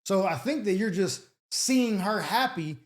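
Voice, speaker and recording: A man's voice: high voice, expressive, measured pace. Male advice host, blunt and mocking, slangy casual delivery in an echoey room. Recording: roomy echo.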